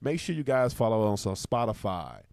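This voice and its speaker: A man hosting a podcast from a small studio, talking quickly and with lots of emphasis. His mid-range voice has a gravelly, fried edge. The sound is dry and close on the mic. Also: fairly low pitch, dry recording. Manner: animated, emphatic, fast-talking. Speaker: podcast host. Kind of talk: casual podcast chat.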